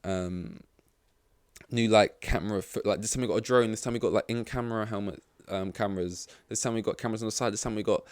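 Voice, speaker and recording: A man's voice: on the low side, smooth, no echo, clean studio sound. A man hosting a podcast in casual chat, rambling with lots of fillers and swearing. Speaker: podcast host.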